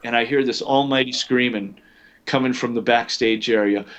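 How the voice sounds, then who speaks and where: A man's voice: medium pitch, moderate pace. A man telling long anecdotes as an interview guest, full of fillers and restarts. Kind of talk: storytelling in a podcast interview.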